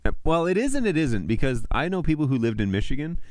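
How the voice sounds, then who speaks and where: A man's voice: a little high, fast talker, no room sound. A man hosting a casual livestream, ranting and chatting with viewers. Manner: ranting, animated, talks to chat. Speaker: livestream host.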